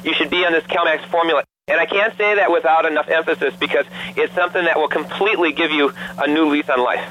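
A man's voice: fairly high pitch, steady tone, quick pace, bright, forceful tone, a little hiss or hum, low-quality recording. A man, a doctor guest calling into a radio show, telling earnest stories to promote a product. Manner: earnest testimonial storytelling with fillers.

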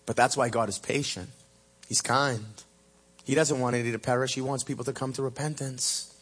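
Preaching at a church service, a man with a slightly rough voice alternates between booming emphasis and soft, hushed lines. He lingers slowly over key phrases, though his intonation stays fairly even overall.

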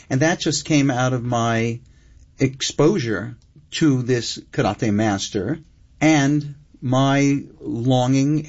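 An older man speaks at a middle pitch, reflective and emphatic. He stretches out key phrases and lists things with relish. The sound is dull and lo-fi. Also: darkish tone. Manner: expansive, emphatic, slows down for key points. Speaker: screenwriter guest. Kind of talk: reflective interview talk.

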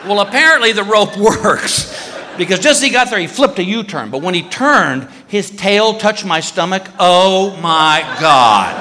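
High, animated man telling a stand-up story. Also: moderate pace, a little hiss or hum. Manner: animated, acts out voices with big jumps. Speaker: stand-up comedian. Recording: live hall reverb, faint ambience.

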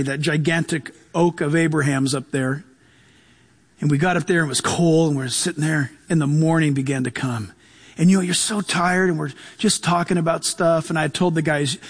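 A male pastor giving a sermon, telling stories with humor and laughing often. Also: high-pitched.

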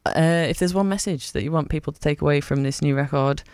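A man's voice: fairly high pitch, quick pace, darkish tone, smooth, no room sound. A man hosting a late-night community radio show in a studio, chatty and enthusiastic, with plenty of ums.

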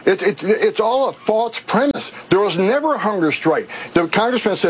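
A man's voice: sits high, animated, moderate pace, husky, low-quality recording. A man, an official giving press remarks, talking in an emphatic, repetitive way.

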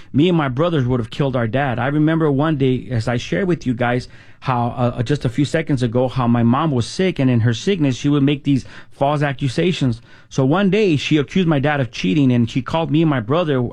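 A man's voice: mid-range voice, darkish tone. A man telling his own life story as a testimony, with many restarts and fillers, and voicing friends' lines in casual street slang. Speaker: testimony speaker.

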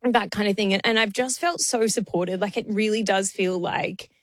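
A woman's voice: mid-range voice, moderate pace, no echo. Woman, departing podcast producer; emotional, tearful laughter; dry close sound. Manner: emotional, laughing through tears. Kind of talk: casual podcast chat.

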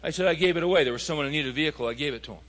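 A man delivers a sermon in a high, bright voice. He moves through stories and scripture, building to emphatic points. The sound carries a long hall reverb. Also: racing. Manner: storytelling, rising to emphatic appeals. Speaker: pastor.

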